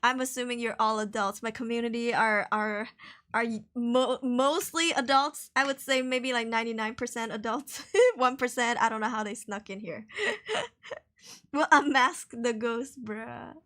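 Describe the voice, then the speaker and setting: Woman streamer, high voice, bright, chatty, giggly, quick reactions. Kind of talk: watch-along commentary.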